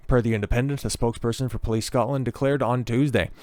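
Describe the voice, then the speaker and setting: Man, commentary vlog host, sarcastic and mocking, smooth clear voice, dry sound. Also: mid-range voice, steady tone, fast talker, few pauses, a little mellow, no room sound.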